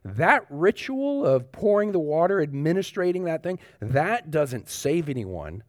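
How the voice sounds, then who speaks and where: A man's voice: on the high side, big pitch swings, unhurried, dry recording. A man preaching a sermon in a church, talking conversationally with emphatic repetition and lots of loose fillers and restarts. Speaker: pastor. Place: church sanctuary.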